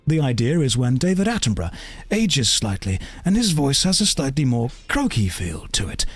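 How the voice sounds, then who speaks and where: A man streaming a game and chatting casually, wandering through anecdotes and tangents in an animated way. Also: medium pitch, slightly rough, no echo. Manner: animated storytelling. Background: faint game music.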